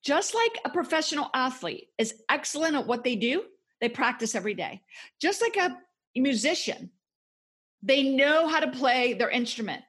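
A woman's voice: sits high, very animated, normal speed, fairly bright tone, husky. A woman guest author talking passionately and emphatically in a podcast interview. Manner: passionate, emphatic motivational talk.

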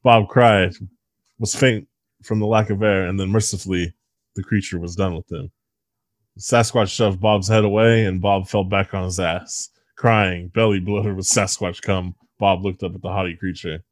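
A man reading a story aloud in a deadpan, mock-serious comic style. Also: low voice, normal speed, no room sound.

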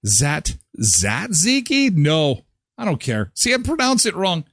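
A man's voice: a little high, wildly swooping pitch, measured pace, a bit bright, dry recording, studio quality. A man hosting a morning show, chatting casually and rambling with self-mocking asides. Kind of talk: casual live radio chat.

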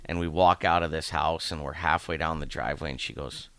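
A man's voice: a bass voice, fairly even intonation, brisk, gravelly, a bit bright, no echo. A man from Ohio, a coach, telling long, rambling anecdotes in a casual interview and acting out the voices of the people in them. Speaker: hockey coach.

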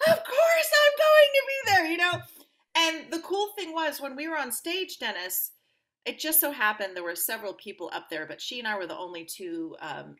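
A woman guest on an interview podcast, telling personal stories in an upbeat, animated way and acting out the voices of people she quotes. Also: on the low side. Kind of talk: conversational interview storytelling.

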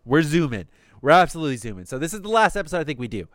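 Animated man recapping an anime. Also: on the high side, very fast, dry recording, studio quality. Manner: swears casually, acts out quotes in passing. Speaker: podcast host recapping an anime. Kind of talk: casual recap chat.

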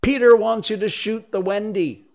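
A man doing a shrill spiteful tiny fairy girl, high pitched, storybook reading. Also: moderate pace, gravelly, darkish tone. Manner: shrill, screaming.

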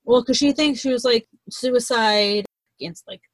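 A woman's voice: a little high, normal speed, no echo, low-quality recording. A young woman in casual chat, retelling a novel's plot in a rambling way, swearing freely and acting out the characters' lines.

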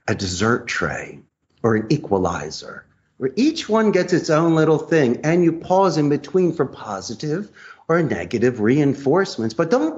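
A man being interviewed as a guest, talking in a lively, theatrical way, laughing often as he acts out sales calls. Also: mid-range voice. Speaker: guest, customer service trainer. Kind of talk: animated interview talk acting out sales calls. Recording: muffled lo-fi audio.

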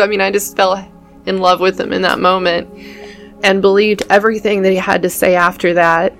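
A woman's voice: medium pitch, level tone, brisk. Woman guest, earnest testimony, emotional storytelling, some faint music underneath. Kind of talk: telling her faith testimony.

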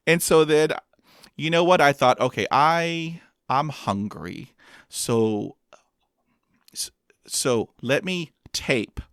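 Guy with a stutter telling a funny story about himself, dry close mic, normal pitch. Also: no room sound. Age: adult with a master's degree. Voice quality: stutter with blocks and repetitions. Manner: animated, self-mocking, acts out quotes. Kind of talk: personal storytelling talk.

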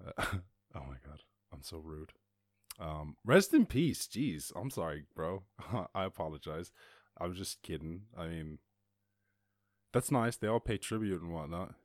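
A man's voice: low-pitched, animated, unhurried, dry recording, studio quality. A man hosting a podcast, reading news headlines and riffing on them in a rambling, joking way, swearing now and then. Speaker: podcast host. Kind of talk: casual news commentary.

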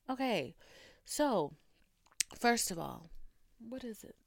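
A young woman hosting her own podcast, venting in a dramatic, profane, animated storytelling manner from her home setup. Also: fairly high pitch, unhurried, no room sound, studio quality. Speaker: podcast host. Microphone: podcast microphone.

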